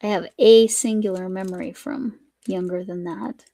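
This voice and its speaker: A woman's voice: mid-range voice, steady tone, moderate pace, warm tone, dry recording. A woman from the United States hosting a craft live stream, chatting casually and rambling as she works, often breaking off mid-sentence. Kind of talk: casual chat while crafting.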